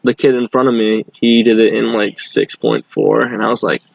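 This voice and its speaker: A man's voice: lowish voice, level tone, moderate pace, gravelly, poor audio. A young man from telling a rambling bar story in casual chat, full of fillers and restarts. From Boston area. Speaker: guest.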